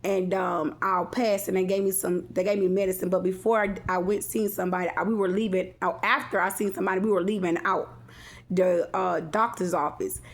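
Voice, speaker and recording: A woman's voice: lowish voice, steady tone, brisk. A woman vlogger telling a personal story in a casual, rambling way, with many restarts and asides to her viewers.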